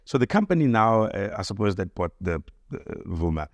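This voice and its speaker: A man, a radio host being interviewed, telling his career story in a lively way and acting out the people he quotes. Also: fairly low pitch, brisk, no echo, clean studio sound. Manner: lively, acts out quoted dialogue.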